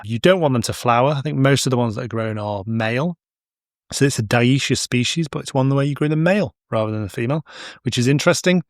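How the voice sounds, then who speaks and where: A man's voice: mid-range voice, fast, dry recording, studio quality. A middle-aged man hosting a casual educational podcast, chatty and digressive with anecdotes. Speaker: podcast host, horticulture expert.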